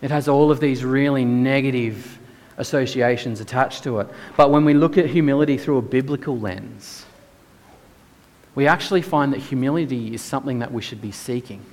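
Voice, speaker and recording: A man's voice: mid-range voice, normal speed, darkish tone, big-room sound. A man preaching a sermon in a church, earnest and emphatic, firing off rhetorical questions.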